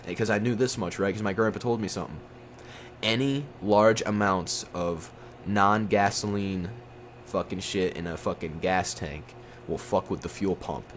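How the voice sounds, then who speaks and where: A young man telling a story in a casual, rambling, profane way, jumping up in pitch when he acts out what people said. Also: steady tone, normal speed, a little hiss or hum. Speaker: storytime YouTuber.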